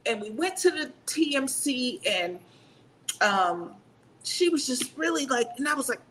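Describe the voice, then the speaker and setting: A woman in her fifties, a retired Army sergeant major, telling stories in a casual interview, animated and laughing as she talks. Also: fairly high pitch, measured pace, slight background noise, low-quality recording.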